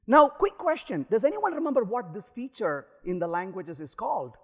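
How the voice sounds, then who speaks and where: Animated man giving a conference talk. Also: high voice, normal speed, husky. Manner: animated, acts out little dialogues with the compiler. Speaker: conference speaker. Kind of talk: live technical talk with live coding. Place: large conference hall. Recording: long hall reverb.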